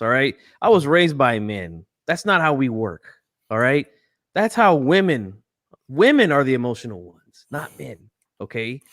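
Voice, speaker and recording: A man's voice: medium pitch, a bit bright, no room sound, clean studio sound. A man hosting a casual boxing talk show, blunt and opinionated, lecturing his viewers. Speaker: boxing channel host. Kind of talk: casual podcast chat.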